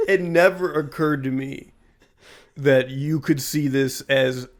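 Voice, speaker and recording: Man, podcast co-host, casual chat, average pitch, laid-back, rambling, chuckling. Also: takes it slowly.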